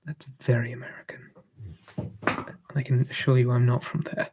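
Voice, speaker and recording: A man streaming live ASMR, whispering softly and answering chat in a relaxed way. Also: mid-range voice, normal speed, background noise.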